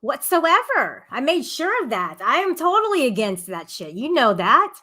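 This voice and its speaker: Bright, slightly high woman, firm and defensive with the audience. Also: huge pitch swings, moderate pace. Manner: firm, defensive, backs up her partner. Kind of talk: casual chat addressing viewers.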